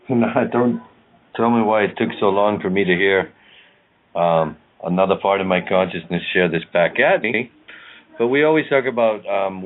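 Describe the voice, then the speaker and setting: A man in casual spiritual chat on a radio show, rambling and thoughtful with many hesitations. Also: on the low side. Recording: tinny phone line.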